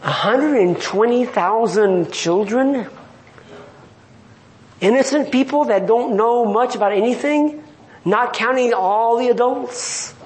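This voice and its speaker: A man's voice: very high-pitched, takes it slowly, a little hiss or hum. A male preacher giving an emphatic sermon, full of rhetorical questions and chuckling asides. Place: church or conference hall. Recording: echoey hall with faint ambience.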